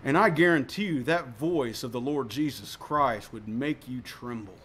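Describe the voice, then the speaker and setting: A pastor preaches an emphatic sermon, swinging sharply between loud and soft and often repeating words for emphasis. His voice is mid-range and his pace moderate.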